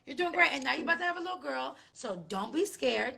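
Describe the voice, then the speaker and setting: A woman hosting a casual live-stream chat, talking in an emphatic, profane, reassuring way with big swings in pitch. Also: lively intonation, fast, vocal fry, crowd noise. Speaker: host. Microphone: phone.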